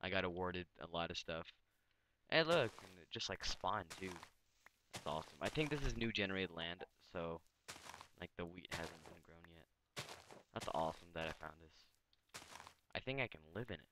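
A young man hosting a casual let's-play, sounding tired and mumbling, then bursting into excited outbursts. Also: sits low, normal speed, long pauses, background noise. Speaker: gaming channel host.

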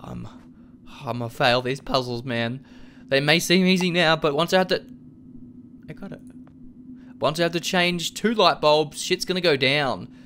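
A man's voice: fairly high pitch, moderate pace, pauses often, a bit bright, slight background noise. A young man casually commenting on a game he plays, swearing a lot and joking about himself. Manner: profane, self-deprecating, jokey. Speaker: let's play gamer.

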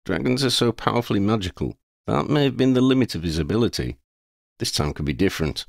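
A man voicing a sensible young wizard who leads the group, firm and commanding, a little higher than his own voice. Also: animated, quick pace, vocal fry, no room sound, studio quality.

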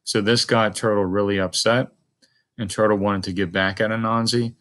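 A man with a lowish voice models a close read for children, pausing to think aloud. He keeps putting questions to his listeners as he goes. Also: steady tone, fairly bright tone. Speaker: teacher.

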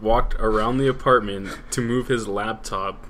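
A man keeps up dry, teasing commentary while his friend plays a game. His voice sits a little low and easy. Faint room noise hums in the background. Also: steady tone, a little slow, a bit bright. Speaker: gamer co-host. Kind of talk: casual let's-play banter.

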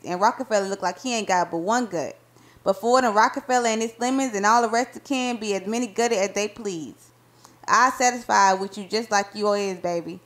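A woman voicing a spirited, affectionate young wife, talking in lively, sassy folksy banter. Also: medium pitch, close to an everyday voice.

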